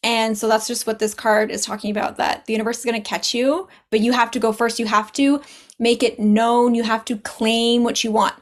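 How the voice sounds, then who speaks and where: A young adult woman guest on a podcast, talking earnestly and encouragingly in casual conversation. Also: on the high side. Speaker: podcast guest, spiritual business owner.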